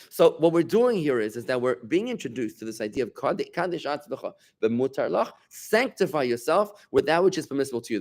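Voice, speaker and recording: Bantering with those listening, a middle-aged rabbi leads a casual Torah lesson with animated emphasis. His voice sits in the mid range.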